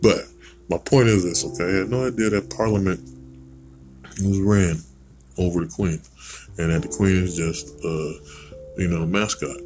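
A man's voice: sits low, fairly even intonation, moderate pace, long pauses, a little mellow, rough recording. An American man hosting a podcast, rambling through a blunt, digressive opinion monologue with casual swearing. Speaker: podcast host.

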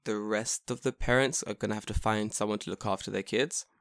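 A man's voice: on the low side, a little fast, dry recording, clean studio sound. Profane storytelling podcast man. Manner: profane, animated storytelling with acted quotes. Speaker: podcast co-host. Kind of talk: casual storytelling chat.

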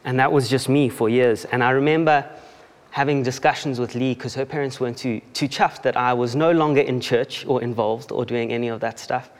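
A South African man shares his testimony from a church stage, his voice carrying a long reverb off the hall. He keeps it conversational and self-deprecating, laughing at himself and stumbling into restarts. His pitch sits in an ordinary middle range for a man. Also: steady tone, brisk. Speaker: church member giving a testimony.

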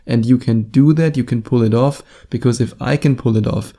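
A man's voice: mid-range voice, a little fast, warm tone. A man with a German accent hosting a solo podcast, joking and self-deprecating while he makes his points with emphasis. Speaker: podcast host. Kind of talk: casual solo podcast monologue.

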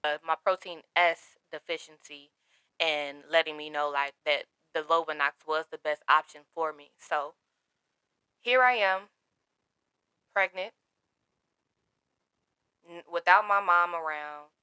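A woman's voice: sits low, a little slow, pauses often, sharp tone, clean tone, no room sound. A young woman, telling an emotional personal story candidly and quoting others in her own voice.

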